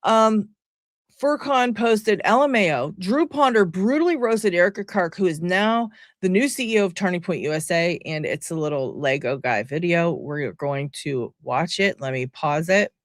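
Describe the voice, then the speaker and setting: Chatting with her viewers from home, this female vlogger delivers sarcastic, exasperated reaction commentary in a casual way. Her lowish voice is animated and moves at normal speed, with a dry, clean studio-quality recording.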